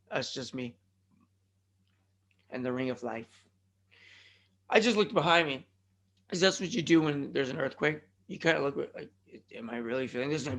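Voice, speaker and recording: Rambling high-voiced podcast host. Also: male voice, pushed and bright. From California. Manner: rambling, jokey asides, addresses listeners as folks. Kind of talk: casual rambling podcast monologue.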